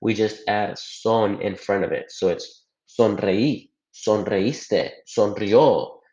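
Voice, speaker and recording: A man's voice: lowish voice, slow, a little mellow. A man teaching a recorded grammar lesson over slides, patient, going step by step and checking in with the listener. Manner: patient, explains step by step, often checks with "right?". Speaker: Spanish teacher. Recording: echoey room, dull lo-fi sound.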